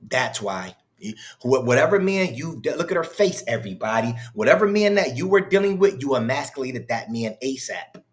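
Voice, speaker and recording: A man's voice: mid-range voice, sing-song, moderate pace. A man hosting a reaction commentary, mocking and incredulous, heated and profane as he talks back to a clip. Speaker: commentary host reacting to clips.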